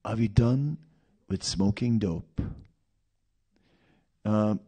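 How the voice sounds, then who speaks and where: A man's voice: on the low side, drawn-out words, dark tone, slightly rough. A man preaching a sermon in a storytelling manner, with rhetorical questions and asides.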